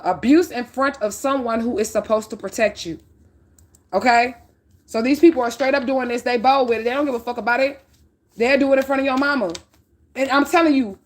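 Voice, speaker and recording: A middle-aged woman giving a spiritual reading, preaching bluntly and profanely with heavy emphasis. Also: high voice. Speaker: spiritual reader.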